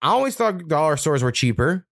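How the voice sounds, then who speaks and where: A man's voice: fairly high pitch, very animated, a little fast, a bit bright, no echo, clean studio sound. A young man hosting a podcast, telling rambling stories in casual chat and swearing freely. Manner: rambling storytelling, heavy swearing. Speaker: podcast host.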